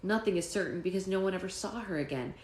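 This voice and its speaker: A woman's voice: mid-range voice, quick pace, roomy sound, natural voice. A woman reading a boy character's lines aloud from a storybook, in close to her own voice. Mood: storytelling.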